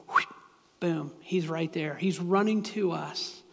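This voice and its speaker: Male pastor, high-pitched, casual confessional sermon, reverberant hall. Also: takes it slowly, gravelly, sharp tone, slight background noise. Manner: casual, confessional, with many restarts and asides. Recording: echoey hall with long reverb.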